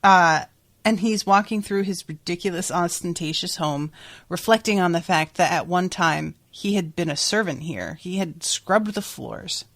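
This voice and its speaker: Low-voiced woman chatting casually. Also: moderate pace. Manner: chatty, swears freely. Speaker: podcast host. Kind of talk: casual book recap.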